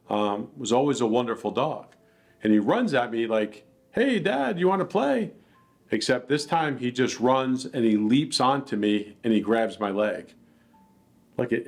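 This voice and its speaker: A man earnestly telling a personal account in a plainspoken, reflective way. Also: fairly low pitch. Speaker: dog attack victim telling his story.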